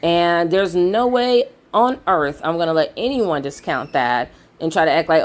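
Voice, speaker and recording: A woman's voice: on the low side, animated, moderate pace, few pauses. A woman giving a blunt, heated opinion vlog, swearing freely. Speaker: video commentator.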